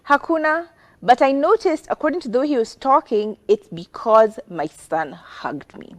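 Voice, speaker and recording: A young woman, co-hosting a casual advice chat, animated and expressive with disgusted exclamations. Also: fairly high pitch. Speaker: talk show co-host.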